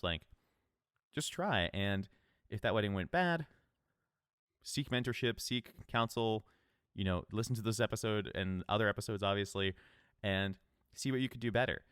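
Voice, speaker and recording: Podcast host, male, low clear voice, relaxed coaching talk, dry close mic. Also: normal speed, long pauses, dry recording. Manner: casual, conversational, upbeat coaching. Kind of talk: solo podcast advice talk.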